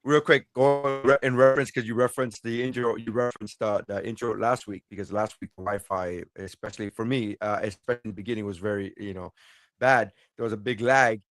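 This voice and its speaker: A man's voice: on the low side, fairly even intonation, brisk, dry recording, faint music behind. A man co-hosting a podcast remotely from a cruise ship, telling rambling stories with swearing and acted-out quotes. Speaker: podcast co-host. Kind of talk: casual podcast chat.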